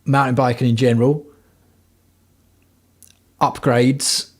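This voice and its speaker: A man's voice: mid-range voice, flat delivery, slow, husky. A man hosting a casual livestream from home, talking bluntly and rambling with plenty of swearing. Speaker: livestream host.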